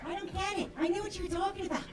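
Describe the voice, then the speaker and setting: A brash, high-voiced woman performs a stand-up set on a comedy club stage, profane and acting out quoted voices. She talks rapid-fire with fairly even intonation, captured from a distance in roomy club sound with the crowd audible.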